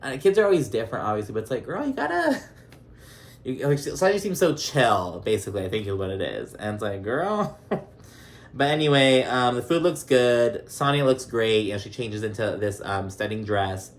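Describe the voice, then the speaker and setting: A man's voice: fairly low pitch, animated, normal speed. A young man hosting a casual reality TV recap vlog. He talks in a chatty, profane way and keeps slipping into mocking voices of the cast.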